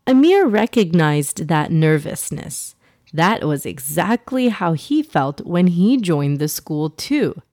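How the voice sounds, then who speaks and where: A woman reading a children's story aloud in a gentle, even storytelling manner. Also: sits low, dry recording, studio quality.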